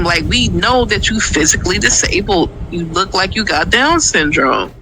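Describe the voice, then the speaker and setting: A man's voice: high voice, lively intonation, normal speed, noisy background. A man in a confrontational rant, taunting and insulting in casual slang.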